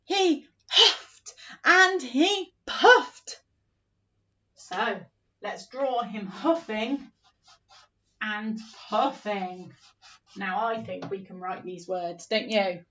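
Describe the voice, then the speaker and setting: Woman teacher for young children: slow, encouraging, sing-song, heard from off-mic on a dull recording. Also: mid-range voice, far from the mic. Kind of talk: early-years phonics lesson.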